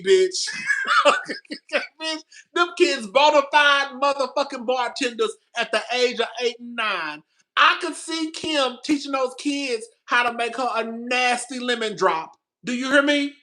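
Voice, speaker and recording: Male vlogger, bright and cutting, laughing gossip commentary from home. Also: very high-pitched. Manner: laughing, animated, profane, repeats himself. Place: apartment.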